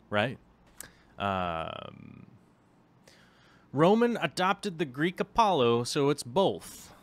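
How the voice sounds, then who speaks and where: A man's voice: fairly high pitch, sing-song, very slow, pauses often. A man vlogging casually about his hobby, rambling with many filler ums and chatty asides to the viewer. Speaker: aquarium vlogger. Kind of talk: casual vlog chat.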